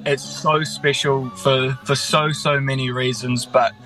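Bright-toned New musician, chatty. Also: male voice, medium pitch, little pitch movement, measured pace, faint music behind, poor audio. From New Zealand. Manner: enthusiastic, chatty, self-deprecating. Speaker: musician, interview guest. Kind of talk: casual radio interview.

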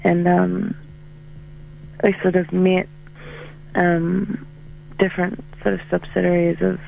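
A man, a musician in a band, chatting casually in an interview, full of fillers and quick laughs, heard over a phone call. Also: high voice, flat delivery, creaky, slight background noise. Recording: tinny phone line.

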